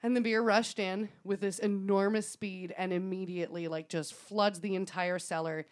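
A woman on a podcast recounts a story in relaxed, chatty fashion. Her pitch sits in an ordinary middle range, and she scatters fillers and the odd swear word through her telling. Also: normal speed. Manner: laughs often, swears casually, fillers like "um" and "like". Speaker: podcast co-host. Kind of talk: casual storytelling chat.

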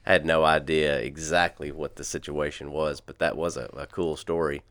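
A man who works on a church staff, talking in a calm, measured and reflective way in a casual conversation. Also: extremely low pitch.

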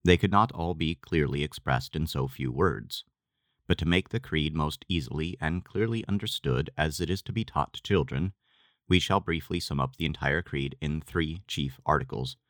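Very deep-voiced man reading scripture. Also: no room sound, clean studio sound. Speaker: reader. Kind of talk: scripted reading of a religious text.

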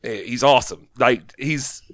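A man's voice: medium pitch, normal speed, fairly bright tone, no room sound, studio quality. A man co-hosting a casual film talk in an easygoing, agreeable way. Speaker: podcast co-host.

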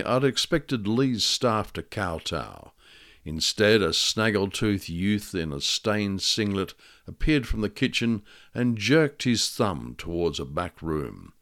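A man's voice: lowish voice, fairly bright tone. A man reading his own first-person noir detective story in a dry, wry manner.

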